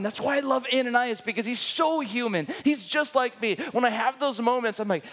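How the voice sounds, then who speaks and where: A man's voice: very high voice, expressive, moderate pace, a bit bright. A man in his thirties preaching a sermon as a pastor, telling a personal story and acting out the quoted dialogue.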